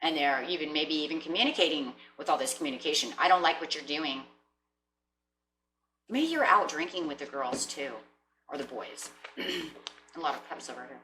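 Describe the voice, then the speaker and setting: A woman giving a casual tarot reading, chatty, often clearing her throat and checking in with "right?" and "you know?". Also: sits low, animated, brisk, bright, forceful tone, slight background noise. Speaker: tarot reader. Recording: roomy echo.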